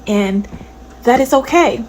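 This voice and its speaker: A young woman from Ghana talking candidly in a casual vlog, giving gentle, reassuring advice. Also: fairly high pitch, animated, slow pace, a little hiss or hum, low-quality recording. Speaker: vlogger.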